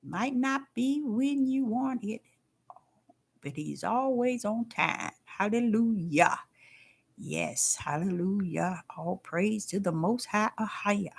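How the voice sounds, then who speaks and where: An older woman giving a casual spiritual testimony, folksy and emphatic, repeating herself and swinging between loud and hushed. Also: mid-range voice, animated, slow, gravelly, husky. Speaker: faith talk host.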